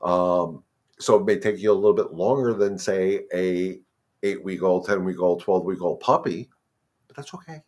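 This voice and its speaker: A man hosting a live question-and-answer stream as a dog trainer, giving casual advice in a calm, steady way and repeating his key points. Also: low voice, moderate pace. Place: home with a terrace.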